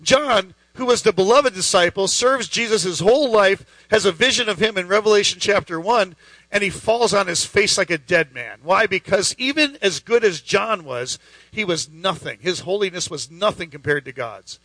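High bright-voiced male preacher. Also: animated, moderate pace, dry recording, poor audio. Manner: emphatic, conversational, rhetorical questions. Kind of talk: sermon.

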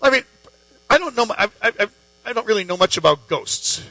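Bright-voiced chatty male preacher. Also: high-pitched, a little fast, no echo, soft background music, rough recording. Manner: chatty, joking asides, animated quoted voices. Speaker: pastor. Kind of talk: casual conversational sermon.

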